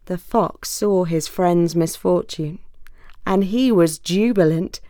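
A woman narrating a fable in a measured, expressive storytelling manner. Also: fairly low pitch, dry recording, studio quality.

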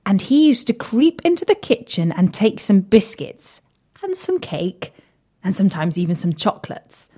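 A young woman tells a children's story playfully and with animation, sometimes dropping to a whisper. Her mid-range voice is husky and moves at a moderate pace.

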